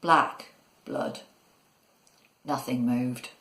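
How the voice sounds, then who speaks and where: A woman narrating a children's story in a measured, expressive way. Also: a bass voice. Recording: echoey room.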